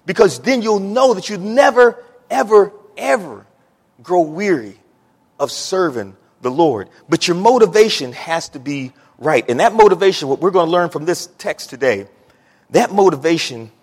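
Pastor guy preaching, kinda high voice, big swings, repeats himself, reverby sanctuary. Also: expressive, normal speed, slightly rough. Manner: rising to emphatic peaks, repeats words. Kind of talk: sermon. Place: church sanctuary. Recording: long church reverb.

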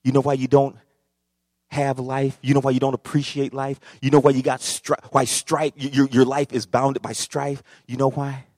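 A male pastor preaching a sermon, swinging from quiet talk to shouting and calling out to the congregation. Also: medium pitch, little pitch movement, normal speed, no room sound, studio quality. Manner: repeats phrases, calls out to congregation.

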